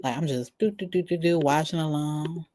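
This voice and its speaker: A woman's voice: low-pitched, moderate pace, warm tone, a little hiss or hum. A woman reacting live to a video, chatting casually with her viewers and swearing freely. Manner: profane, talks to chat and her cats. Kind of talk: casual live-stream commentary.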